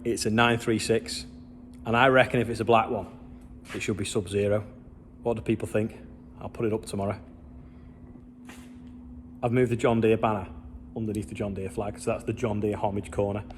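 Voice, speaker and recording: A man's voice: fairly low pitch, flat delivery, moderate pace, slight background noise. A man vlogging casually on his farm, chatting in a rambling way and asking his viewers questions. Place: outdoors on a farm.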